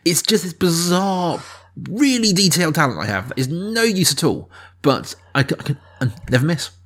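A man's voice: fairly high pitch, moderate pace. A man in his thirties chatting on a podcast, telling stories with hesitant restarts. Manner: animated storytelling with hesitant restarts. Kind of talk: casual chat.

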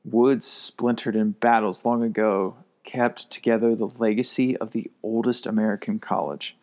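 A man narrating a first-person story in a steady storytelling manner. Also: lowish voice, normal speed.

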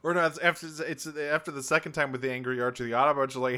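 A man's voice: medium pitch, fairly even intonation, rapid-fire, hardly any pauses, pushed and bright, smooth. A man co-hosting a podcast, casually recapping a cartoon episode in a rambling, self-correcting way with offhand swearing. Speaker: podcast co-host.

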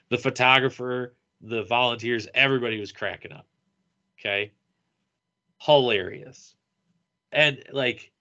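A man chatting on a podcast, spinning a story and jumping into the voices of the people in it. His tone is bright and forceful, and the recording sounds a little dull and lo-fi. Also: mid-range voice. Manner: animated, acts out quoted lines. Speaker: podcast co-host. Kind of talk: casual storytelling.

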